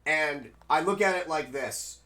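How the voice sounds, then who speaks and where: A man's voice: on the high side, measured pace, sharp tone. A man live-streaming a game, rambling casually to his chat in a loose, chatty way.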